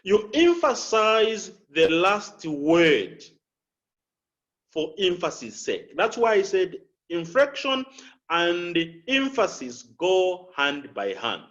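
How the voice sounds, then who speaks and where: Man, public speaking coach, slow deliberate delivery, repeats key phrases, dull lo-fi sound. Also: high voice, sing-song, fairly bright tone. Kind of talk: instructional talk with spoken examples.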